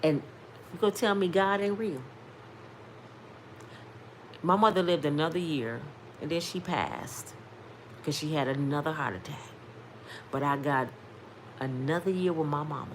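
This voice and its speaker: A woman's voice: low-pitched, unhurried, long pauses, a little hiss or hum. Emphatic woman in her fifties telling a testimony. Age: 50s. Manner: emphatic, preacher-like, addresses viewers directly. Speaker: vlogger sharing testimony. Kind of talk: casual storytelling testimony.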